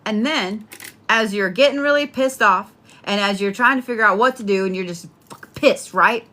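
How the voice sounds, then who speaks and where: A woman's voice: medium pitch, moderate pace, bright, forceful tone. A woman giving a casual spoken horoscope reading, talking bluntly and playfully with plenty of swearing. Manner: blunt, profane, chatty, playful. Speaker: tarot and astrology reader.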